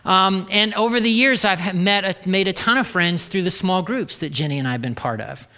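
A man's voice: high voice, lively intonation, brisk, sharp tone, long reverb tail. A man preaching a sermon in a casual way with joking asides. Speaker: pastor.

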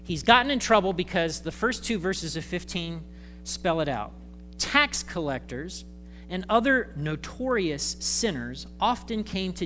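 A male pastor giving a conversational, animated sermon in church, acting out voices. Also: a little high.

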